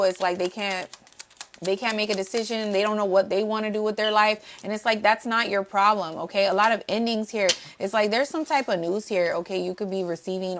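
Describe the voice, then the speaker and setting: A woman of medium pitch, recorded with a little hiss or hum, gives a casual tarot reading. Blunt and profane, she repeats herself for emphasis and greets viewers while talking to the live chat.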